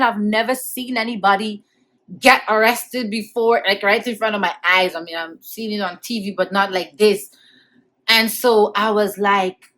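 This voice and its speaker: A woman's voice: medium pitch, moderate pace, fairly bright tone. A woman vlogger telling a personal childhood story in an emotional, conversational way, repeating phrases as she goes. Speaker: vlogger recounting childhood memories.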